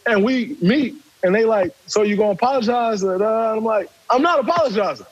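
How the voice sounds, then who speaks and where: A man, telling a story in casual talk, animated and profane, acting out quotes. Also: high voice, moderate pace, muffled recording.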